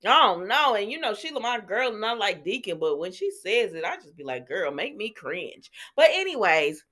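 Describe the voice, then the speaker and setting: A woman talks through a soap opera episode in a loose, chatty way, her pitch leaping up and down as she gets into the story. She fills her sentences with "um" and "you know" and acts out bits of the scenes as she goes. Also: a little fast. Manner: animated storyteller, acts out lines, many fillers. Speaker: soap opera recap vlogger. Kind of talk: casual chatty recap.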